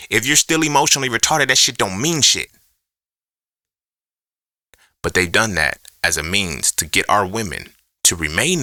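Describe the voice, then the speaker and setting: A man's voice: medium pitch, bright, forceful tone, no room sound, clean studio sound. A man hosting a podcast alone, ranting in a profane, emphatic way and throwing out rhetorical questions in an unscripted monologue. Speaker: podcast host.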